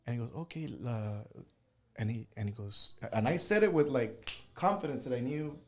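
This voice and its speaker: Man, casual storyteller, animated, laughs at own jokes. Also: medium pitch, normal speed. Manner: animated, laughs at his own stories, mixes in Spanish. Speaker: guest.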